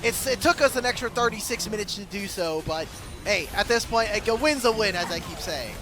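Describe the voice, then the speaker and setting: High-voiced man giving casual game analysis. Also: animated, a little fast. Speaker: esports color commentator. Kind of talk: analytical commentary.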